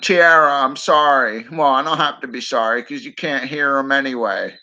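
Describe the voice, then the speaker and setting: A man's voice: mid-range voice, normal speed, sharp tone. A man chatting casually on a late-night livestream, rambling and teasing his viewers with frequent chuckles. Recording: slightly dull lo-fi stream audio. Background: crickets chirping.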